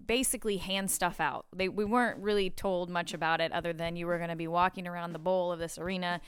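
A woman guest on a podcast interview, telling a story in a casual, animated way and laughing easily. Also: on the low side, fast talker, clear, resonant tone, no room sound, faint music behind. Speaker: guest actress.

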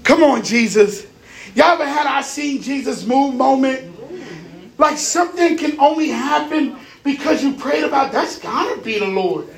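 High-voiced man preaching a sermon. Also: measured pace, vocal fry. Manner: lively, conversational, repeats words.

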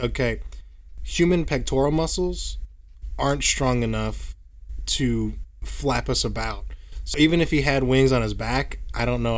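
A man co-hosting a podcast in casual chat, earnest and musing, trailing off softly. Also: mid-range voice. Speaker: podcast co-host.

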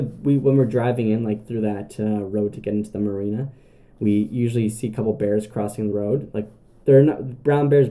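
Dark-voiced young man rambling. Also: lowish voice. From Canada. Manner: rambling, many filler "like"s and restarts. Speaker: podcast host. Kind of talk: casual storytelling monologue.

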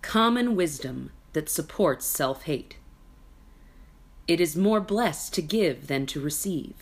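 A woman hosting a podcast, reading aloud from a self-help book in a gentle, soft-spoken way and adding casual side comments. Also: low-pitched, expressive, takes it slowly. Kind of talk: reading aloud with personal asides.

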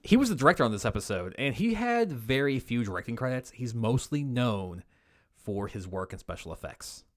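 In a dry recording, a mid-range, sing-song male voice moves at normal speed. He co-hosts a horror podcast, chatting casually, dropping the occasional swear word, and reading the episode credits.

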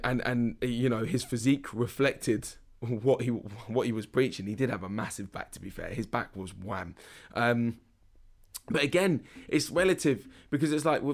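A man, hosting a casual podcast as a fitness coach, talking frankly with many restarts. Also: medium pitch. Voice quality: husky. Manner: frank, rambling, lots of restarts and fillers.

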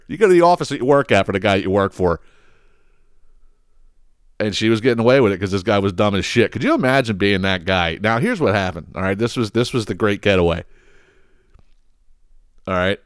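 Podcast guy with a lowish voice, swearing and laughing through a story, dry close sound. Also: fairly quick, pauses often, clean tone, no echo. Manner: profane, animated, laughs often; many fillers and restarts. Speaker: podcast host. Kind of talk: casual storytelling monologue.

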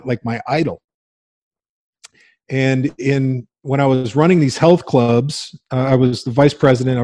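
A man in his forties, a guest on an interview show, telling a lively story about his life and acting out the people in it, laughing often. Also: mid-range voice, dry recording. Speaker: guest, coach and agency owner.

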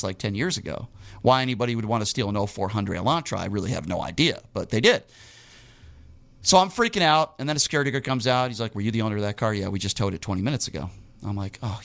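Guy ranting through a story, gets loud and jumpy, casual chat. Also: mid-range voice. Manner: animated, indignant storyteller, rising to bursts. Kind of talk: casual storytelling on a talk show. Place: Las Vegas local.

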